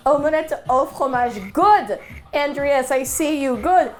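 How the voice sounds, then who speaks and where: A woman's voice: high voice, unhurried. A woman chatting playfully on a cooking stream, teasing and laughing often. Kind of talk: casual cooking stream chat.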